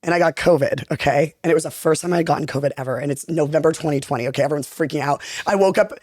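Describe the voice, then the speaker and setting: A young woman chatting as a podcast guest, telling stories in an animated way with lots of fillers. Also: sits low, dry recording, clean studio sound. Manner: animated, rapid talker full of fillers. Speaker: podcast guest, content creator. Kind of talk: casual storytelling chat.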